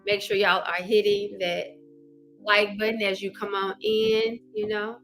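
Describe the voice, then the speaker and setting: Southern woman, middle-aged, energetic livestream host, bright and forward tone. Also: medium pitch, measured pace, faint music behind. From Arkansas. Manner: chatty, energetic, greets viewers by name, says "y'all" and "child". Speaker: love coach and livestream host. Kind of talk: casual livestream chat.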